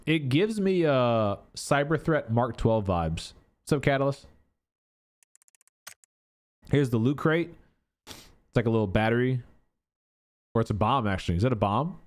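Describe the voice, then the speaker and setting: A man's voice: mid-range voice, animated, unhurried, pauses often. A man giving casual gameplay commentary as a gaming YouTuber, thinking aloud in a chatty way with many filler words.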